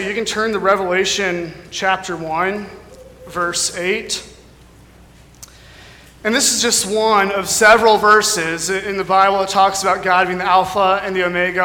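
American man, bright high voice, casual guest preacher in a long-reverb church hall. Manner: casual, chatty, lots of fillers like "you know". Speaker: guest speaker. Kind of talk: sermon with jokes. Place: church sanctuary.

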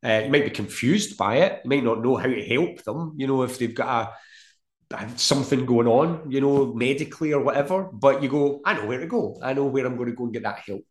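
A middle-aged man talking as a guest in a casual podcast chat, earnest and full of homely comparisons. His voice sits at an ordinary pitch for a man. The room around him rings with echo. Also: fairly quick. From Scotland. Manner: earnest, storytelling, uses everyday comparisons. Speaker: guest, mental health practitioner. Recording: echoey room.

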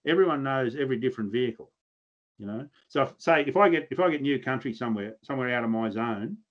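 A man's voice: mid-range voice, expressive, fast, muffled recording. Blunt Australian man spinning yarns. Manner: blunt, earthy storytelling with mild swearing. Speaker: podcast guest, pig hunter. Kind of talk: casual podcast chat.

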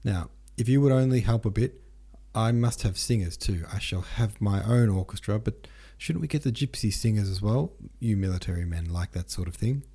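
A man's voice: fairly low pitch, moderate pace, hardly any pauses, mellow, slightly rough. A man reading an audiobook, voicing a fussy, flustered old count who gives orders with many exclamations.

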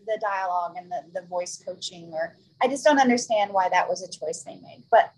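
A woman's voice: lowish voice, brisk, slightly rough, rough recording. A woman guesting on a film podcast, talking casually with hesitant ums. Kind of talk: casual chat.

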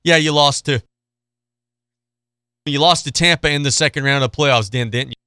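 A man's voice: on the high side, normal speed, bright, forceful tone, clean tone, no room sound, studio quality. A man hosting a sports radio show, ranting bluntly and sarcastically about a football team before reading out betting picks. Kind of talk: opinionated sports talk monologue.

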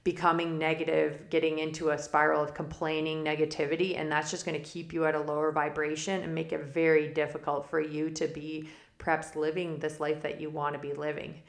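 Talking fairly quickly in a creaky, low-pitched voice with little pitch movement, a woman hosts her spiritual forecast podcast. Her casual monologue rambles onto tangents, punctuated by frequent mid-sentence laughs, and the room echoes.

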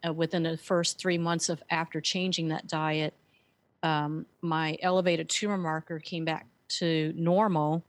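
A woman's voice: sits low, level tone, a little slow, no echo. A woman telling her story earnestly as a guest, with frequent fillers. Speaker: guest, author and speaker. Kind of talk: conversational interview.

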